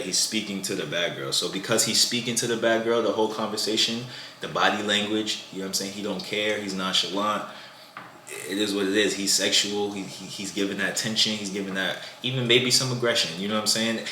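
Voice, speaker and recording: A man's voice: fairly low pitch, pushed and bright, echoey room, slight background noise. A man casually giving dating advice to the camera, loose and conversational, often asking "you know what I'm saying".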